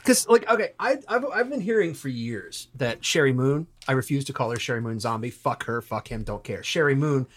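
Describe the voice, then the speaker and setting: Male co-host, mid pitch, blunt and crude, casual chatter. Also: lively intonation, a little fast, few pauses. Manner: blunt, profane, mocking. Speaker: podcast co-host. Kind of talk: casual movie commentary chat.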